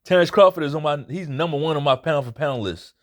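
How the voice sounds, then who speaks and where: Running his own boxing commentary channel, this man gives a casual fight recap in a voice on the high side at a quick pace. He's blunt, swears a lot, and repeats his points to drive them home.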